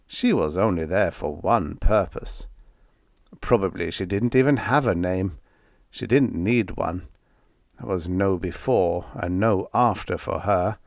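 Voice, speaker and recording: A man reading a vintage science fiction story aloud as scripted first-person narration, with expressive, unhurried storytelling. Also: deep voice, dry recording, clean studio sound. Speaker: audiobook narrator.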